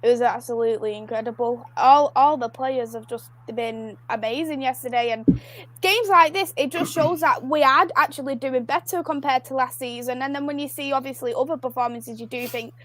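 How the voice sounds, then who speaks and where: A woman co-hosting a casual football chat, recounting things with excitement. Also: high voice, a little fast, low-quality recording. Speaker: podcast co-host.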